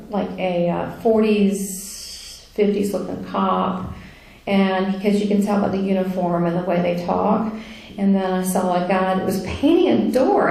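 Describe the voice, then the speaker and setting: Chatty woman recounting an experience; gravelly mellow tone, heavy room echo. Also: medium pitch. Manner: chatty and animated, many fillers, laughs while telling. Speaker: speaker sharing a near-death experience. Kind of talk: casual spoken testimony. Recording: very echoey room.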